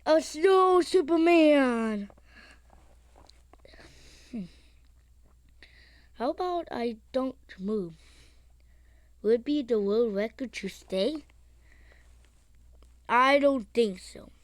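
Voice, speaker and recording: A woman commenting as she plays a mobile game, excitable, with sing-song chatter and yelps. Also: fairly high pitch, slow, pauses often, no room sound. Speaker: gamer.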